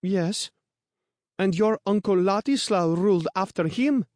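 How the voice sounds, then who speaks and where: A man's voice: sits high, measured pace, a little mellow, no echo, pitched above the performer's own voice. A man voicing a smug, spiteful noble teenage girl who mocks and sneers in an audiobook. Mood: sneering. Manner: sneering, mocking.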